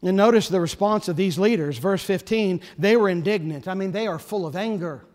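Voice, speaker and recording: A man preaching a sermon, his voice pitched high for a man and rising with passion before falling to near-whispers. He sounds like a pastor in a church, with a long reverb trailing each phrase. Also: a little fast. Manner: passionate preaching, swelling loud then dropping soft.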